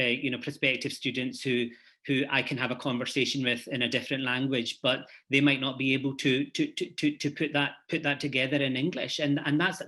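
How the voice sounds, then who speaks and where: A man's voice: mid-range voice, bright, forceful tone. A man with a Glasgow Scottish accent speaking earnestly on a conference panel, with many restarts. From Scotland. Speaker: panelist, head of university department.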